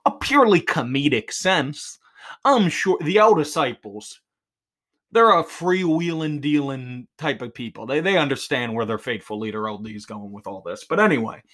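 Man in his 20s from New Jersey, solo podcast host; rambling, sarcastic rants, bright voice. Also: medium pitch, expressive, normal speed. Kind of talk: solo rambling comedic monologue.

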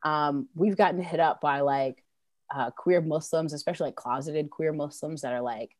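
A woman with a low voice talks loosely about her punk band, swearing freely and filling her sentences with casual asides. She laughs easily. The recording is dry and close. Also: fairly even intonation, normal speed, darkish tone, no room sound. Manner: loose, profane, heavy on fillers, laughs easily. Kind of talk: casual interview chat.

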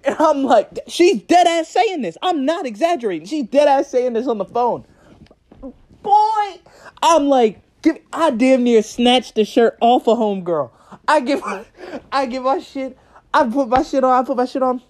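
A young man telling a story in a casual vlog, animated and profane, often breaking into laughter. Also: very high-pitched, measured pace. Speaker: vlogger.

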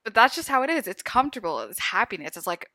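A young woman chatting with friends, telling stories in a relaxed way. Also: a little high, fast, no echo. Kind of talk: casual chat among friends.

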